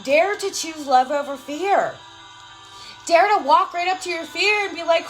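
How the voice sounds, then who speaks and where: Emphatic high-voiced woman live-streaming. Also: unhurried, fairly bright tone, soft background music, rough recording. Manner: emphatic, swears freely, repeats phrases for effect; affectionate, calls viewers girl and love. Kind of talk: casual live stream chat, reading comments.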